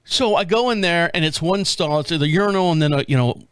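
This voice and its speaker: A man's voice: a little high, fairly quick, fairly bright tone, clean tone, dry recording, clean studio sound. A man telling a rambling, profane story in a casual chat, acting out the dialogue as he goes. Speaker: podcast host.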